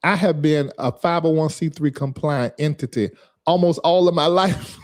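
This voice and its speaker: Sassy, scolding man with a higher voice. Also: moderate pace. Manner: sassy, scolding, reading chat aloud. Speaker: livestream host. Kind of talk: casual livestream commentary.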